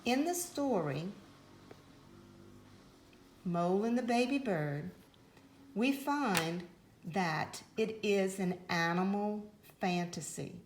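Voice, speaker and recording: A woman teaching a phonics lesson to young children, speaking slowly and clearly in an encouraging way. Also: mid-range voice, lively intonation, a little hiss or hum. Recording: roomy echo.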